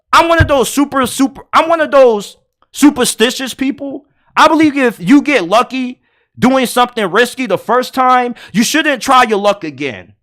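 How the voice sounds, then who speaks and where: A man hosting a solo sports podcast, retelling a game in an excitable, animated way with casual slang. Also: very high voice.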